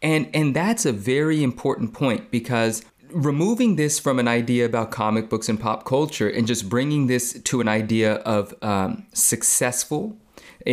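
A man's voice: mid-range voice, darkish tone. A young adult man co-hosting a podcast in casual chat, self-deprecating and reflective as he tells stories. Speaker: podcast co-host.

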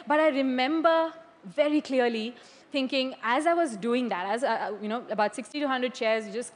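A woman preaching a sermon in a church hall. She is animated, laughs often and keeps checking in with "okay?". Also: sits high, moderate pace. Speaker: church leader. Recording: long hall reverb.

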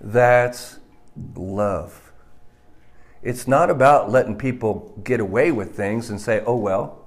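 Slow, emphatic male preacher. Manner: emphatic, swings between loud stresses and hushed low lines. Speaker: pastor. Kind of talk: sermon.

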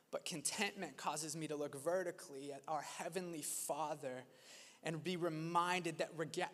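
A man preaching in a high, ringing voice, earnest and chatty. His bright tone carries through the long echo of a big church hall. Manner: earnest and conversational, laughs at his own stories. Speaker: pastor. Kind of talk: sermon. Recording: long reverb of a large hall.

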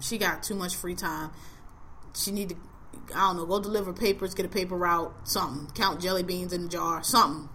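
A woman's voice: on the low side, pushed and bright, a little hiss or hum. A woman hosting a podcast, chatting casually about a TV show in blunt, profane slang and laughing often. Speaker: podcast host. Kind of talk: casual chat reviewing a TV show.

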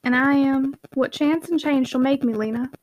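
A woman's voice: high-pitched, normal speed, darkish tone, slight background noise, close to an everyday voice. A woman reading a brooding young man. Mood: wry. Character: reserved, brooding young male mill owner.

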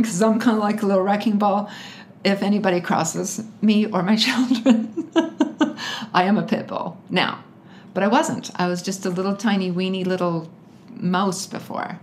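A woman's voice: medium pitch, measured pace, a little hiss or hum. A woman being interviewed, telling a personal story emphatically and with animation, often laughing as she talks. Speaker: interview guest. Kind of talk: personal story told in conversation.

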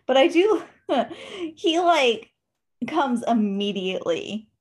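Woman, high and lively, giggly outrage over a book plot. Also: slow pace. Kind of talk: casual chat about a book.

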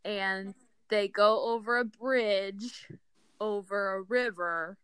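A woman's voice: mid-range voice, steady tone, slow pace, fairly bright tone, smooth, dry recording. A woman hosting a casual podcast chat, telling a story in a chatty, giggly way with many fillers. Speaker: podcast host.

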